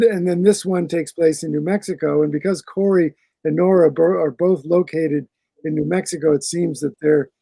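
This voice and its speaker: A man's voice: a little high, creaky, warm tone, slightly rough, dry recording, rough recording. A man, an author being interviewed on a video call, answering casually and often restarting his sentences as he thinks. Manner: rambling, restarts phrases while thinking. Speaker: author guest.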